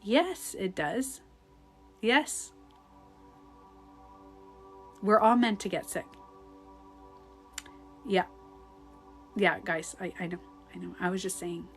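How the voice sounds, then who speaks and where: A woman coaching on a live stream, chatting casually and answering comments, rambling and candid, swearing and laughing easily, sometimes dropping to a hushed voice. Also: mid-range voice, slow, long pauses, soft background music.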